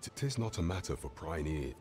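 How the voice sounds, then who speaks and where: A man's voice: extremely low pitch, big pitch swings, fairly quick, a little mellow. A man voicing a formal royal advisor in a video game who speaks in old-fashioned phrases. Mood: solemn. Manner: formal archaic speech. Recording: game audio under background music.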